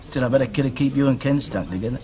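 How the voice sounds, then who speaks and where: Actor as rueful man, self-mocking, mid pitch, soap opera. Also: racing, a little mellow, lightly acted.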